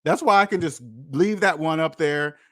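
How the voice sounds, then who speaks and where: A man's voice: a little high, normal speed, a bit bright, no room sound, studio quality. An American man in his forties hosting a casual livestream about finances, telling stories in a rambling way full of restarts. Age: 40s. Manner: rambling storytelling with many restarts. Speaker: host of a debt-free finance livestream.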